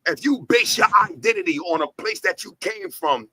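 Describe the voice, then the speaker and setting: A man's voice: high voice, wildly swooping pitch, moderate pace, gravelly, hardly any pauses, sharp tone, no room sound, poor audio. A man hosting his company's talk show, preaching in a profane, fired-up way and hammering points home with repeated lines and rhetorical questions. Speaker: host, head of an entertainment company.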